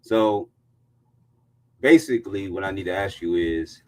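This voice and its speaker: A man with a very low voice interviews a guest in an easy, friendly way. He tends to repeat his affirmations, "I got you, I got you", before he moves on to the next question. His manner is casual and unhurried.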